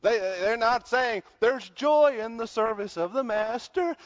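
Animated high-voiced male preacher. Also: unhurried, long reverb tail, dull audio. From American South. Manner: animated preaching, swings between loud and quiet. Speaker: pastor. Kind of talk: sermon.

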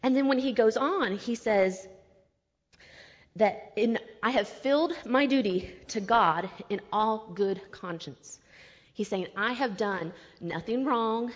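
A woman's voice: a little high, takes it slowly. A woman giving a casual, chatty Bible teaching with slang asides, explaining verses in everyday terms. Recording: long reverb, dull lo-fi sound.

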